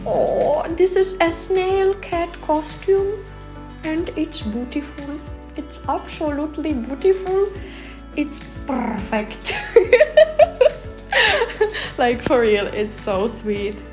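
Young woman, giggly, higher voice, swooping pitch, unhurried, soft music behind. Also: expressive. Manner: giggly, laughs often, playful put-on voices. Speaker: vlogger reviewing cat costumes. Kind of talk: casual reaction commentary.

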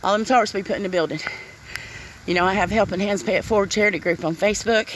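A woman's voice: medium pitch, fast talker, slight background noise, rough recording. A middle-aged woman, ranting bluntly and swearing in a casual outdoor vlog in the rain. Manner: upset, blunt, swears, says "honey" and "y'all". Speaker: vlogger. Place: outdoors in the rain by her yard.

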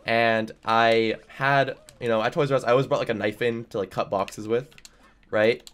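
A young man streaming a game and telling a story as he plays. His talk rambles in a loose, casual way, thick with "like" and "dude". His voice sits at an ordinary middle pitch for a man. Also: fairly even intonation, moderate pace, a bit bright, clean tone.

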